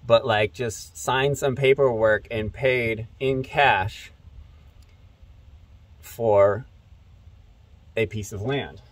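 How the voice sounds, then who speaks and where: A man's voice: medium pitch, steady tone, extremely slow, pauses often, dry recording. A man casually recounting a conversation with a friend, rambling with many fillers. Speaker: commentator. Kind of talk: casual storytelling monologue.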